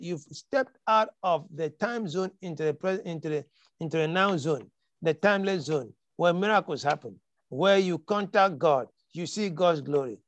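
High-voiced preaching man, emphatic. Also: dry recording. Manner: emphatic preaching, repeats key lines, quotes scripture dramatically. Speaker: pastor. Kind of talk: sermon.

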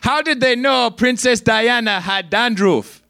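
A man playing Gandhi in a comedy roast, speaking high and bright in a shaky, mangled accent. He fires off brash, crude jokes and keeps giggling at his own material. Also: a little slow, no room sound, exaggerated voice. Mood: cocky. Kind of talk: stand-up roast set. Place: comedy stage.

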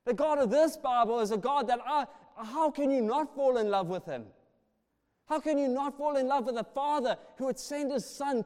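A high-pitched man delivers a passionate sermon. His volume swells and falls as he drives each point home. The sound carries the long reverb of a big hall. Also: a little mellow. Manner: passionate, rising and falling in volume. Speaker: preacher.

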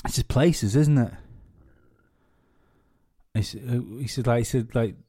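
A man co-hosting a podcast, rambling through stories in casual chat. His voice is mellow and dark, mid-pitched, and he swears freely while restarting his sentences. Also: unhurried, husky. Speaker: podcast co-host.

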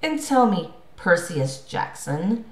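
A woman's voice: fairly low pitch, sing-song, takes it slowly. A woman voicing a petulant, drawling wine god. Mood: scornful. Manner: scornful, drawling, pouting. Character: petulant bored male wine god, sarcastic. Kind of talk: audiobook character voice. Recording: roomy echo.

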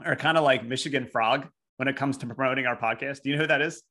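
Quick, bright-voiced young podcast co-host. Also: male voice, mid-range voice. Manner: playful, rambling, lots of "like". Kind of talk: casual comedic podcast banter.

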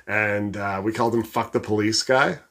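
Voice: mid-range voice, fairly even intonation, moderate pace, fairly bright tone. A podcast host telling gym stories in casual chat, swearing and laughing often. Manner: storytelling, laughs a lot, swears freely.

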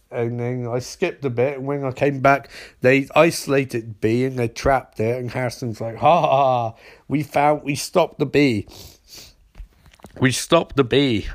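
A man rambles through a comedic recap of a TV episode. He mocks every scene and keeps slipping into loud, squeaky character voices.

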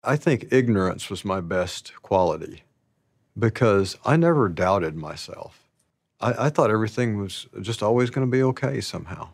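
An actor in his sixties from the American South tells stories from his life in a rambling, folksy, self-deprecating way, sprinkling in plenty of "you know" asides. His lowish voice is gravelly with a breathy edge and lively intonation, delivered at normal speed. The recording is studio quality, with no room sound.

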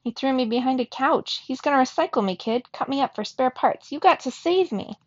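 A woman's voice: medium pitch, moderate pace, vocal fry, no room sound, muffled recording, natural voice. A woman reading aloud who voices a dramatic, self-pitying and smug talking AI device from a children's storybook. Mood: pleading. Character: whiny boastful talking AI gadget.

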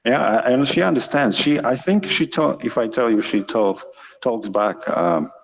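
A man's voice: mid-range voice, moderate pace, vocal fry. A man in casual chat, hesitant, often restarting and searching for words, on a headset mic.

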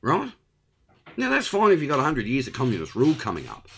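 A man's voice: mid-range voice, huge pitch swings, fast talker, vocal fry, a little hiss or hum. Aussie guy ranting blunt, voice jumping up and down a lot. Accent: Australian. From Australia. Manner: blunt and ranting, with frequent tag questions. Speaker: host. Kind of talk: opinionated monologue.

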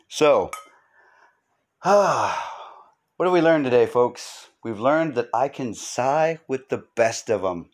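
A man's voice: lowish voice, smooth. A man hosting his own podcast, rambling through a comic monologue in a joking, self-mocking, sarcastic way. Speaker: podcast host.

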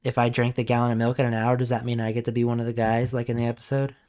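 A young man co-hosting a casual podcast, excitable and swearing, who jumps into high voices to act out cartoon lines. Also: rapid-fire, clear, resonant tone. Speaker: podcast co-host. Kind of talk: casual chat.

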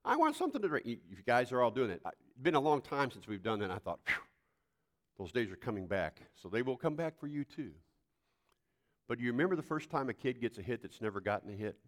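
An older man preaching a sermon, folksy and animated, telling homespun stories and sometimes breaking into loud outbursts. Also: mid-range voice, quick pace. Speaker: pastor.

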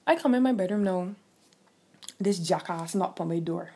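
A woman telling a heated, profane story to her viewers in a casual rant, jumping high in pitch when she quotes herself. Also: normal speed, mellow, slightly rough. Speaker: streamer venting to viewers.

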